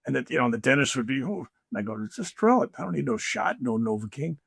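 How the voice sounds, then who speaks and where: A man's voice: mid-range voice, fast, gravelly, breathy edge, no room sound, clean studio sound. An older man, a spiritual teacher, telling stories as a guest in a conversation, acting out the voices he quotes. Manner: animated storyteller, acts out quoted voices. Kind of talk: conversational storytelling.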